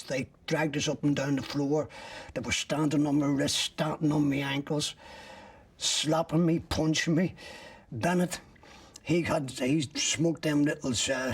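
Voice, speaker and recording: An older man giving personal testimony in a documentary interview, retelling events step by step and acting out what others said. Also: fairly high pitch. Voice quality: gravelly, husky. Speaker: interviewee recounting his arrest. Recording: voice picked up from a distance.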